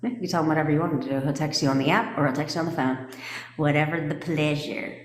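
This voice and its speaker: A low-voiced woman talks casually to her livestream viewers as their coach. She is blunt and swears freely, laughing often. Her voice rings in an echoey room with a long reverb tail. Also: steady tone, fast talker, a little hiss or hum. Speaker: manifestation coach.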